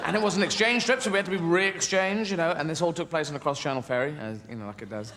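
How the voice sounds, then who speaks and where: On a large theatre stage, a stand-up comedian with a fairly high voice moves quickly through a rambling, whimsical routine full of playful character voices. The live hall recording carries loud audience noise.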